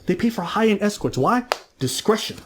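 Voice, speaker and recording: In a fairly quick, expressive, high-pitched voice, a podcast commentator delivers a casual rant, mocking people and storytelling while acting out their quotes. Slight background noise is present.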